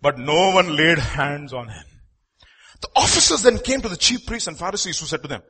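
A high-voiced man delivers a sermon. His voice is bright and a little husky, and it rises and falls widely as he presses each point. He drops to quiet asides between the loud, emphatic lines. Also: animated, brisk. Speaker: preacher.

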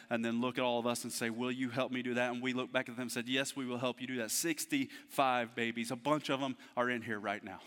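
A man in his thirties preaching a heartfelt sermon as pastor to his church, moving between hushed, tender passages and loud, fervent ones. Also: mid-range voice, flat delivery, fast, hardly any pauses. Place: church service in a theater. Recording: long hall reverb.

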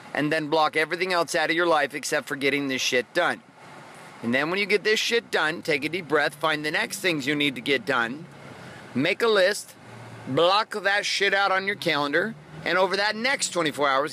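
A man's voice: on the high side, bright, forceful tone, slight background noise. A man hosting a motivational podcast, talking bluntly and profanely in a fired-up monologue. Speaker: podcast host.

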